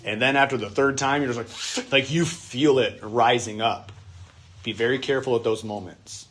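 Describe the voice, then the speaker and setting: This pastor speaks at a normal speed in a medium, slightly bright voice. He runs a relaxed, chatty church workshop about parenting, occasionally putting on the voices of children and their parents.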